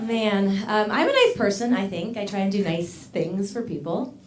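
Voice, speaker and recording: A woman's voice: mid-range voice, big pitch swings, moderate pace, noisy background. A young woman doing a stand-up comedy set on a club stage, candid and self-mocking, laughing through her punchlines. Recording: roomy club sound with audience.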